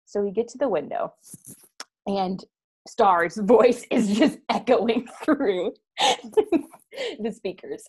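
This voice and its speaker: A woman's voice: medium pitch, big pitch swings, slow, long pauses, a little mellow, slightly rough. A young woman co-hosting a podcast, telling a story casually and laughing often as she talks. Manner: giggly, laughs through her stories. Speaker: podcast co-host.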